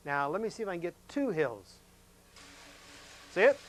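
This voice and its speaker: A folksy male science teacher walking students through a lesson, his voice sitting a little higher than most men's. He talks in a chatty way, keeps asking questions of his class, and jumps up in pitch to stress a point. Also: big pitch swings, moderate pace, a little hiss or hum.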